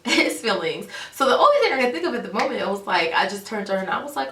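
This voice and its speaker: A young woman vlogger telling a dramatic story in a casual, animated way. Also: medium pitch, fast, few pauses. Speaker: beauty vlogger. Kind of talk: storytime vlog. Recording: roomy echo, a bit far from the mic.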